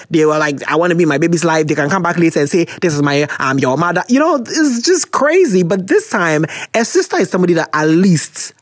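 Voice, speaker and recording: A man from Ghana with a Ghanaian accent, hosting a podcast and reading out listener letters in casual, animated chat that slips into Twi. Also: high-pitched, no echo, studio quality. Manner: animated, switches into Twi, laughs often.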